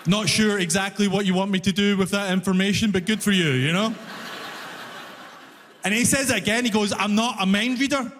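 A man's voice: sits high, fairly quick, pauses often, in a large hall, background noise. A man performing stand-up, telling stories and acting out the people in them. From immigrant to Canada. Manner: animated storytelling, acts out voices. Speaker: stand-up comedian. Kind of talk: stand-up routine.

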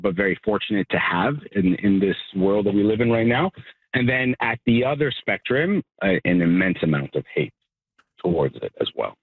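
A man who co-owns a restaurant, speaking as a radio guest by phone, hesitant with many pauses and ums. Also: fairly low pitch, husky, dry recording. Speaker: restaurant co-owner, guest on the line. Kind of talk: phone interview. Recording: phone-line sound.

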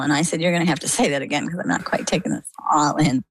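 A woman's voice: deep voice, very fast, few pauses, slightly rough, no room sound, rough recording. A woman recounting a personal health story in an interview, acting out quoted dialogue as she goes. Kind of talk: conversational interview answers.

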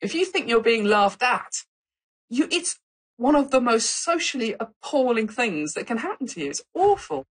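A woman scientist explains her research in an interview, animated and expressive. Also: fairly high pitch, breathy edge, poor audio. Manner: animated, expressive, quick asides. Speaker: scientist guest.

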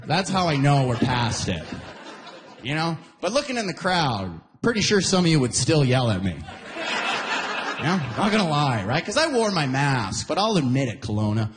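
A young man from Alberta performing a stand-up set, animated and jumping into loud mock voices. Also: fairly high pitch, normal speed, in a large hall. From Alberta, Canada. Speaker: stand-up comedian. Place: live comedy venue.

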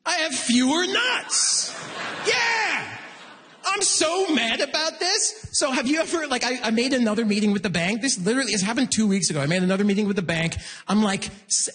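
Stand-up comic, male, high and lively delivery, slightly husky, big reverberant room. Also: normal speed. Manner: animated, self-mocking, jumps into loud high act-outs. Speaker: stand-up comedian. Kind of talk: stand-up comedy set. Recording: long reverb of a hall.

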